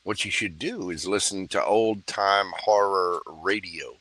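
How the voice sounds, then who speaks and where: A man's voice: low-pitched, unhurried, a bit bright. A man reading tarot on a livestream, joking and chatty in a playful mood. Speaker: tarot reader.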